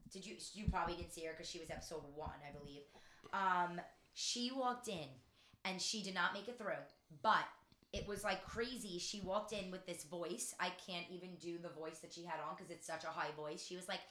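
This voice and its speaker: A woman's voice: fairly low pitch, normal speed, sharp tone, roomy sound. A woman co-hosting a casual chat podcast, talking in a bubbly, rambling way, often laughing and apologizing. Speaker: podcast co-host.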